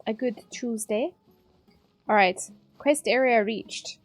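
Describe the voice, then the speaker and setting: A woman's voice: on the high side, takes it slowly. Chatty South African woman streamer. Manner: chatty, rambling, laughs often. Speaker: game streamer. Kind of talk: casual chat while playing.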